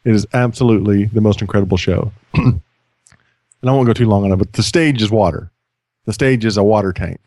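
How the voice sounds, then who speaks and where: A man's voice: on the low side, brisk, pauses often, mellow, dry recording. A man co-hosting a casual comedy podcast, a chatty storyteller who playfully interrupts, heard on a close mic. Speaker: podcast co-host.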